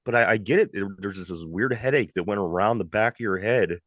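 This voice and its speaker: A man's voice: lowish voice, fairly quick, no room sound, studio quality. A man with a Pittsburgh accent co-hosting a casual sports podcast, recovering from illness and repeating words as he talks. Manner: animated, repeats words while talking. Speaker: podcast co-host.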